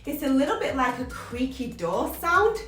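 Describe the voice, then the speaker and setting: A woman's voice: high-pitched, big pitch swings, moderate pace. A woman vocal coach giving an upbeat, emphatic lesson on singing technique to her viewers. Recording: roomy sound from a distance, faint music.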